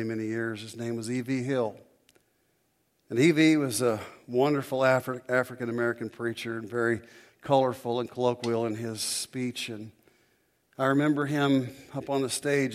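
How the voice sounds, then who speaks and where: A man preaching a sermon in an emphatic way, with dramatic pauses. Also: medium pitch.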